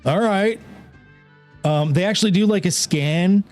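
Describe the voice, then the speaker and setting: Guy running a tabletop game, kinda high voice, faint music behind. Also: a little mellow. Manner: casual, halting with fillers. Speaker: game master.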